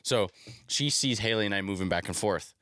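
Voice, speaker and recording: Laid-back young man, lowish voice. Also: fairly quick, a bit bright, dry recording, studio quality. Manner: laid-back storyteller, swears casually. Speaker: podcast co-host. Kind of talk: casual chat.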